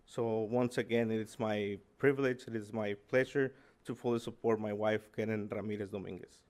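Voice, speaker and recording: A man giving a public comment at a school board meeting in support of his wife, speaking haltingly with many restarts and self-corrections. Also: fairly low pitch, steady tone, a little mellow.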